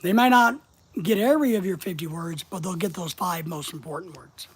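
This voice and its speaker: A man's voice: high-pitched, brisk, breathy edge. A man hosting a live stream, reading a book aloud and commenting on it, stressing key words in a reflective, emphatic way.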